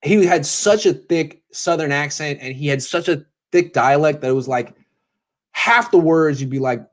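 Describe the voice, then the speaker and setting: A man's voice: a little high, moderate pace. A man in his thirties, a sports blogger hosting a casual pregame show, telling stories with sarcastic asides and mock voices. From California.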